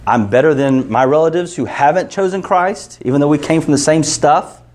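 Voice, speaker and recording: A man's voice: a little high, moderate pace, darkish tone. A male pastor preaching a sermon in a casual, joking tone, counting off numbered points and reading scripture.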